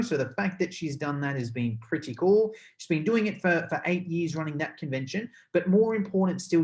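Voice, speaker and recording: A young adult man hosting a podcast interview in an excitable, rambling way with lots of fillers. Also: a little high. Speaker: podcast host. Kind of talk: casual interview chat.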